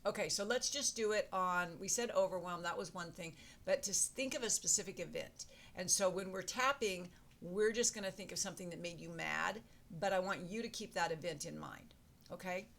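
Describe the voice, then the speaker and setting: A woman's voice: lowish voice, a little fast, gravelly, a bit bright, a little hiss or hum. Woman coaching a tapping session. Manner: coaching, repeats affirmations for the listener to echo; casual, talks straight to the viewer. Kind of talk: guided tapping lesson.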